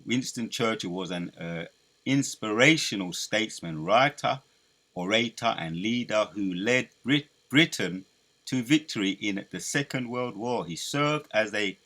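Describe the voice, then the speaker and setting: A man preaching commentary, emphatic and repetitive, building up to loud declaiming as he reads scripture. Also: fairly low pitch.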